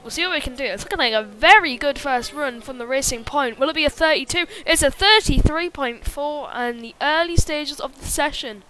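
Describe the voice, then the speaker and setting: A woman's voice: high-pitched, fairly quick, hardly any pauses, pushed and bright. Chatty woman commentating a sim race. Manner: chatty, many fillers, reads chat. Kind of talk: live sim-racing commentary.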